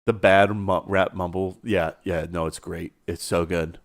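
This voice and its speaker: A man working as a content creator, dictating scene descriptions in a halting way with fillers and pauses, then chatting casually. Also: deep voice, fairly even intonation, no echo, clean studio sound.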